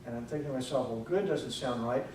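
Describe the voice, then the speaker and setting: A man's voice: mid-range voice, a little mellow, a little hiss or hum. Man, grammarian at a club meeting, dry humor, careful diction, heard from far off in a roomy hall. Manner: dry joking, corrective, pronounces words slowly. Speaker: grammarian and ah counter. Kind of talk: meeting speech evaluation. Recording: echoey room from far off.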